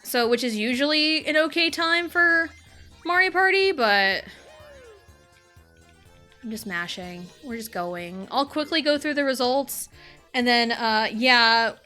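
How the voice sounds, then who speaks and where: A young adult woman streaming a party game live, swearing freely and swinging from frustrated yelling to low muttering. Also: animated, measured pace. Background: game music.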